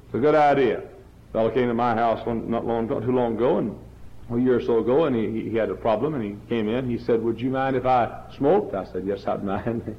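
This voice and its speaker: A middle-aged man preaches a revival sermon in a plain mid-range voice. He keeps coming back to the same question and builds to loud, insistent peaks. The sound is dull and lo-fi, like an old church recording. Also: medium pitch, fast.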